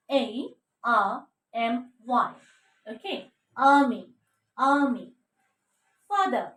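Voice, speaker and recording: A woman teaching pronunciation, drilling words slowly, spelling out letters and checking with "okay?" between them. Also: on the high side, a bit bright, recorded from a distance. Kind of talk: slow drilled pronunciation lesson. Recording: echoey room, a bit off mic.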